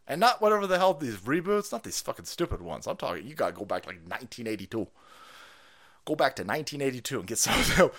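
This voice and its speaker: A man hosting a livestream, ranting in a foul-mouthed, mocking way. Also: mid-range voice. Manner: loud, mocking, swings between mutters and yells. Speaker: livestream host. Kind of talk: foul-mouthed political rant.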